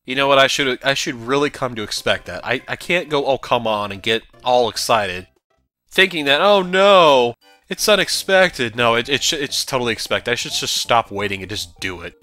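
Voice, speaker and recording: A young man giving casual let's play commentary, rambling, then shouting at the game and apologizing. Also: medium pitch, brisk, hardly any pauses. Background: game music.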